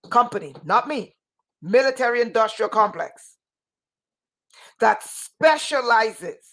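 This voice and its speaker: Fervent woman, high-pitched and slow. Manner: fervent and emphatic, repeats phrases for emphasis, sometimes shouts. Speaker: spiritual teacher on a livestream. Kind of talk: impassioned livestream talk.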